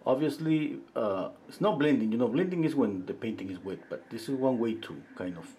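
A middle-aged man giving a live painting lesson, thinking aloud as he works, pausing often and chatting with viewers between steps. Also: mid-range voice. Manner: relaxed, thinking aloud while he paints, with frequent pauses and fillers. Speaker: painting instructor.

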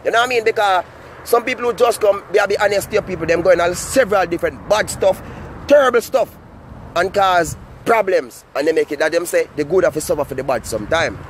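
A man's voice: high voice, fast talker, a little hiss or hum. A Jamaican man talking to his viewers in a casual, rambling vlog monologue full of "you know what I mean". He is recorded outdoors. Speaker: vlogger.

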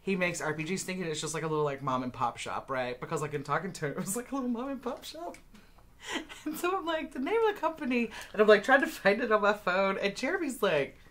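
Co-hosting a live board game stream, a woman chats casually and rambles, filling her talk with "like" and laughing often. Her voice is medium-pitched with lively intonation, and she speaks fast.

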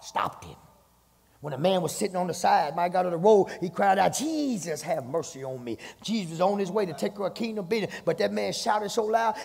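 Male pastor, raspy gravelly voice, fervent sermon delivery, church hall reverb. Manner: rising from low talk to fervent shouted preaching. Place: church sanctuary with long reverb.

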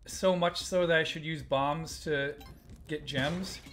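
A man's voice: fairly high pitch, fairly even intonation, slow, a bit bright, slight background noise. A man hosting a live stream, giving casual gameplay commentary, muttering to himself and chatting with viewers as he plays.

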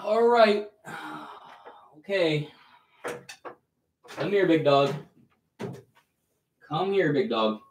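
A man on a live stream with a slightly high voice, talking loosely and casually to his chat. He drops bro and dude into nearly every line. He coaxes and soothes a pet snake while sounding uneasy about it. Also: very animated, extremely slow, pauses often, slight background noise. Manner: laid-back and slangy, calls everyone bro and dude; nervous and coaxing while handling a snake.

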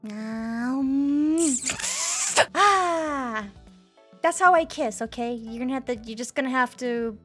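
A woman's voice: on the high side, fast, few pauses, fairly bright tone, soft background music. A woman VTuber giving a playful self-introduction, giggly and teasing with exaggerated yelps and squeals.

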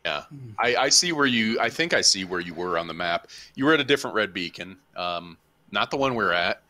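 A man's voice: fairly low pitch, animated, fairly quick, bright, forceful tone. A man in casual voice chat, rambling and commenting on his own play while gaming with friends. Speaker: gamer.

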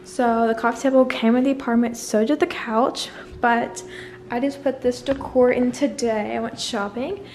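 Soft music plays behind a young woman vlogging a tour of her small apartment on her phone, her voice on the high side with a darkish tone, fairly even intonation and normal speed. She's bubbly and chatty, wandering into rambling asides while slightly out of breath.

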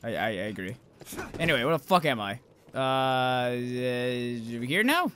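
A young man commentating a video game with loud outbursts, heavy swearing and self-mocking asides. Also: medium pitch, sing-song, a little slow, slight background noise. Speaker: gameplay commentator. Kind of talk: swearing, excitable let's-play commentary.

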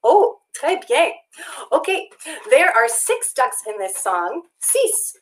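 A woman with a high voice leads a children's singalong from her home. She talks brightly to young viewers and sings with them. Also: big pitch swings, takes it slowly. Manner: bright, encouraging, sings along. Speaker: children's music co-host. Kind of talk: children's livestream hosting and singing.

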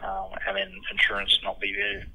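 A middle-aged Australian man, a tradesman taking a phone call, patient, polite and measured. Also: high-pitched, very animated, gravelly, pushed and bright. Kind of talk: phone conversation.

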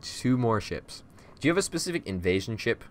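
A man's voice: medium pitch, big pitch swings, brisk. A man hosting a gaming channel, chatting casually and wryly as he plays, often laughing and grumbling. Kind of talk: casual gameplay chat.

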